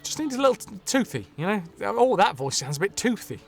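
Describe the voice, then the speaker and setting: A man's voice: high-pitched, big pitch swings, brisk. A man streaming a video game, chatting and joking in a rambling, casual way. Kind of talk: casual live commentary.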